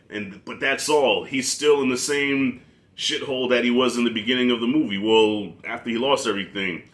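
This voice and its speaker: A man chatting as a guest movie reviewer, animated and informal, often restarting his sentences. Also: mid-range voice. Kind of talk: casual conversational film review.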